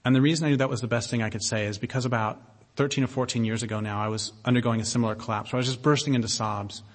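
Man, public talk, emphatic, sardonic, deliberate pauses, middle pitch, reverberant hall. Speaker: speaker giving a public talk. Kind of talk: impassioned lecture to an audience.

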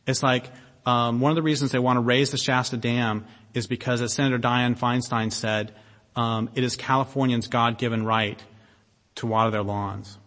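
A man giving an impassioned public talk, blunt and sardonic, with emphatic stresses and long pauses. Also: medium pitch, little pitch movement, a bit bright. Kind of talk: impassioned lecture to an audience. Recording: long reverb of a hall.

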